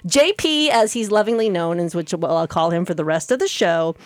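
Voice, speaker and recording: Chatty woman hosting, low voice. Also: animated, normal speed, no echo. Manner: chatty, self-correcting, laughs easily. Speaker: radio show host. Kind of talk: casual radio chat.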